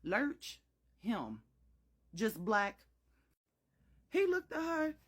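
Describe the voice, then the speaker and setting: An animated young woman tells a storytime vlog, swinging her pitch all over the place. Her voice is bright and sharp with a husky edge, and she talks in a dramatic, slangy way. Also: extremely slow. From Chicago.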